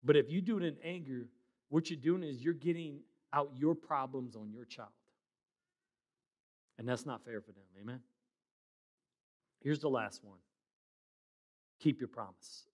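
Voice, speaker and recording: A middle-aged man preaching a sermon as pastor, loud and emphatic with quieter asides. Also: mid-range voice, a little slow, pauses often.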